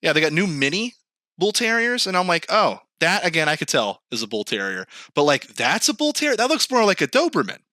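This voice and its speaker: Casting: bright, expressive man, casual podcast banter. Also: a little high, fast, dry recording, clean studio sound. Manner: animated, swearing, laughing, acting out quoted lines. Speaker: podcast co-host. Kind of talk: casual chat. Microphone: remote call mic, screen sharing.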